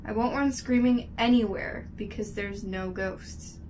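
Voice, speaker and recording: A teenage girl voicing a bored, irritated goth teenager who grumbles in a flat, sarcastic way. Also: medium pitch, measured pace, slight background noise, close to an everyday voice. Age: teens. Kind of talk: audio drama dialogue.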